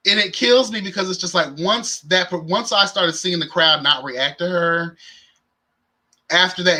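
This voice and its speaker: Young guy doing a sassy live recap, super bright voice, kinda high, talks to chat a lot. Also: low-quality recording. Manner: sassy, campy, animated with slang and exclamations. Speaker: reality show recap host. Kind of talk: casual live-stream commentary.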